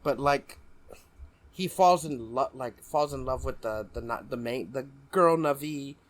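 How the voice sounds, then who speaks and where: A man's voice: medium pitch, measured pace. Rambling young man on a podcast. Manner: rambling, laughing, swearing. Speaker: podcast co-host. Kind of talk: casual chat.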